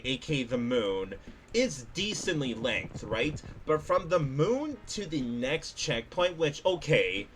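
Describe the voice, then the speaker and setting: A young man commenting live on a game he is playing for his chat, excitable and quick to laugh and yelp. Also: fairly high pitch, slight background noise. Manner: excitable, laughs and yelps often. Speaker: gaming streamer.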